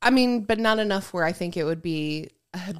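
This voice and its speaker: A woman's voice: fairly low pitch, expressive, moderate pace, smooth. A woman co-hosting a casual podcast, reading listener messages aloud and giggling as she riffs on them.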